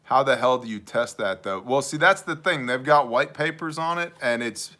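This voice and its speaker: A man's voice: mid-range voice, animated, moderate pace, sharp tone. Joking, rambling man hosting a livestream. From New York. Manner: joking, rambling storyteller who reads out chat questions. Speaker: livestream host. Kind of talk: casual livestream chat.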